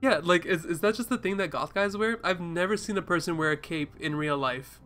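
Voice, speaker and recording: A man's voice: high voice, a little fast, bright, forceful tone, soft background music. A man streaming a dating game, reading the narration aloud and making joking, self-deprecating remarks. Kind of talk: let's play reading and commentary.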